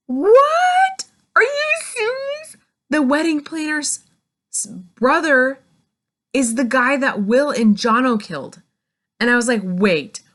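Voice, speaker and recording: A woman giving a casual, chatty book review, retelling the plot with lots of "like" and quick acted-out bits of dialogue. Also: deep voice. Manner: chatty and animated, retells scenes in quick acted-out snippets, heavy "like".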